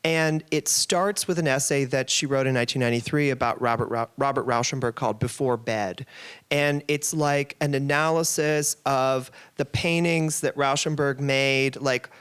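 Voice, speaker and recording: A man's voice: medium pitch, steady tone, normal speed, a bit bright, smooth. A young man interviewing a writer, phrasing his questions loosely with many "like"s and fillers.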